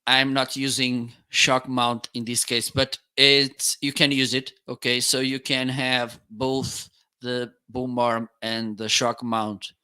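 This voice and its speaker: Slow, bright-voiced man demoing microphones. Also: medium pitch, clear, resonant tone. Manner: casual, explanatory, trying out microphones on air. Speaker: product reviewer. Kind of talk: live-stream product demo. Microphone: studio microphones on a boom arm.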